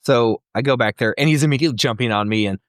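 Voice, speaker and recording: Man, podcast co-host, medium pitch, ranting story, frequent cursing, dry studio sound. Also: quick pace, no echo. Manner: exasperated storytelling, frequent swearing. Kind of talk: casual comedic podcast banter.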